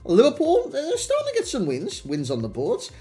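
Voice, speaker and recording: Chatty man with a lively voice. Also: very high-pitched, normal speed. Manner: chatty, addresses viewers as lads and boys. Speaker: gaming video creator. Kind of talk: casual game review talk. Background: faint background music.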